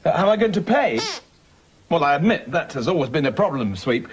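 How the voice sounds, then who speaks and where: A cheerful man hosting a children's show, his voice pitched high and bouncing lively up and down as he chats with puppets. A faint hiss of old tape sits underneath. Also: fairly quick. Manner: cheery, chatty, playfully teasing. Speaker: children's TV presenter. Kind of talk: scripted talk to puppets.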